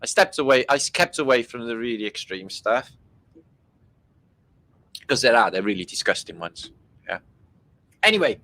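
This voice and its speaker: Speaking fairly quickly and very animatedly, the British livestream host has a mid-range voice with a sharp tone, captured on a rough recording. He keeps up casual mockery, full of sarcastic jokes and silly voices.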